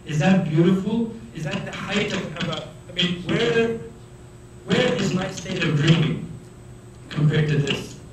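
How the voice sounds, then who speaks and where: A man giving a religious lecture to students, animated, acting out the voices of the people he describes. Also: high voice, measured pace. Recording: echoey hall, mic far off, faint noise.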